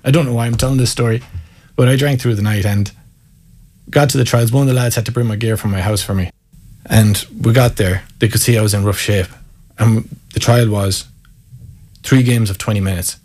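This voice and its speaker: A man's voice: on the low side, fairly even intonation, fairly quick, darkish tone. A man from County Mayo with an Irish accent, a guest telling candid, self-mocking stories and reflecting openly in conversation. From Ireland, County Mayo. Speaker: guest, former Gaelic footballer. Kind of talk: storytelling in conversation.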